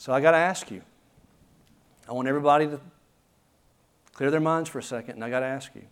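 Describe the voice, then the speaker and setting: A man delivering a sermon in an earnest, conversational way, speaking straight to the congregation and leaning on rhetorical questions. His voice sits at an ordinary middle pitch for a man. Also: fast, clear, resonant tone. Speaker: pastor.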